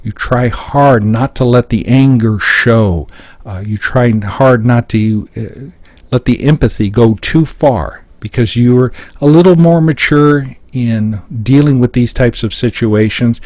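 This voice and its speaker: Speaking at a measured pace, this middle-aged man from the United States leads a live seminar and methodically explains each point shown on his screen. The voice sits in the mid range, darkish in tone, and the recording is dry.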